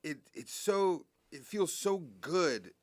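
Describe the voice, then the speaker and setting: A man's voice: on the high side, lively intonation, slow, no echo. A man talking as a guest musician in a casual interview, rambling and heartfelt, with many restarts and swearing.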